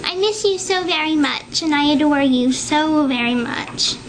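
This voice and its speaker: A woman talks into her own video message from home. Her voice sits high and her pace is slow and gentle. She sounds affectionate and a little nervous, with faint background noise. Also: rough recording. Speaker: person recording video messages to a partner. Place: home, indoors.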